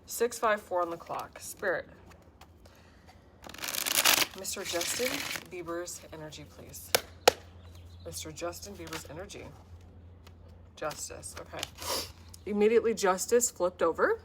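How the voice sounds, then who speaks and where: A woman's voice: lowish voice, moderate pace, very noisy. A woman giving a casual spiritual tarot reading to camera, talking in an earnest, heartfelt, rambling way. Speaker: tarot reader and self-described healer.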